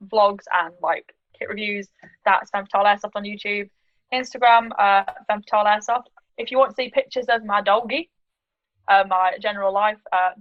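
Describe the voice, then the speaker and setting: In a relaxed interview chat on a video call, a UK woman who plays airsoft and vlogs talks as a guest, downplaying herself. Her voice is mid-range, and the audio is dull with no room sound.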